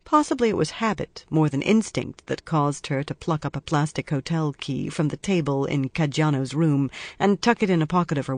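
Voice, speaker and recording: An audiobook narrator reads a thriller in a steady, measured way. The voice sits at a middle pitch. The studio sound is dry and close, with no room echo.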